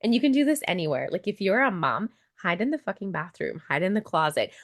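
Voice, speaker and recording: Animated, expressive woman coach. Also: mid-range voice, fast talker. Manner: animated, acts out inner voices, swears casually. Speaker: guest coach and nurse. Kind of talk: conversational podcast interview.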